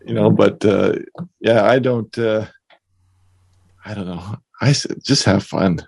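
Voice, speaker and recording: Gravelly, low-voiced podcast co-host. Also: male voice, measured pace, a little mellow, no room sound. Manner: easygoing, giving laid-back advice. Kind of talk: casual chat.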